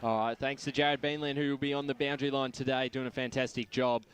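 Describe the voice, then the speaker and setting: A man's voice: mid-range voice, level tone, quick pace. A man hosting pre-match radio chat at a football ground, easygoing and full of restarts.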